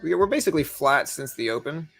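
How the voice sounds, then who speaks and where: Young man, trading stream host, quick casual commentary, gravelly voice. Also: fairly high pitch, animated, a bit bright, faint music behind. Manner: fast, chatty, gravelly delivery with quick ad reads. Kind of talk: live market commentary.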